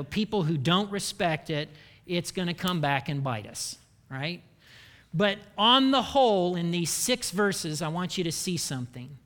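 A man preaching a sermon in an animated, jokey way, acting out the people he quotes. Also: high voice. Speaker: pastor.

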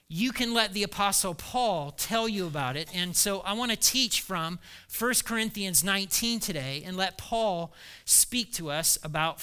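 A man preaching a sermon as pastor, animated, acting out quoted voices and laughing as he goes. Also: high-pitched, smooth.

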